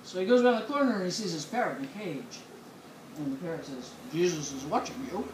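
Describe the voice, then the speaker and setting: A woman's voice: lowish voice, very animated, quick pace. Rambling woman telling jokes, echoey room. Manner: chatty, laughs mid-joke, loses her place. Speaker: joke-telling co-host. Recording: echoey room with clear noise.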